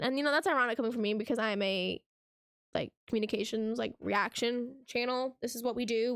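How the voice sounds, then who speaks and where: A woman's voice: fairly high pitch, fairly bright tone, no echo, studio quality. A young woman hosting a reaction channel, ranting casually to camera in a sarcastic, exasperated way, full of rhetorical questions.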